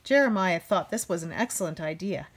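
A woman's voice: lowish voice, animated, brisk, breathy edge. A woman reading a children's picture book aloud, raising her voice to act out the characters. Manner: acts out characters with raised voices. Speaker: storybook reader.

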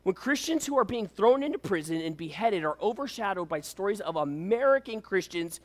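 Animated man preaching a sermon. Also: high-pitched, a little fast. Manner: animated, preaching with rhetorical questions. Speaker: pastor.

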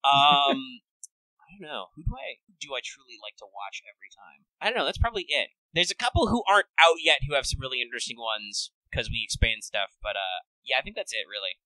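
A man's voice: mid-range voice, very animated, fairly quick, sharp tone, no room sound, rough recording. A man co-hosting a podcast in easygoing, casual chat, hesitating often. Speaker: podcast co-host.

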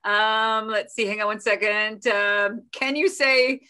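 A woman hosting a casual video call, bubbly and playful, laughing often as she runs a quick question round. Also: medium pitch, steady tone, pushed and bright, clear, resonant tone. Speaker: host.

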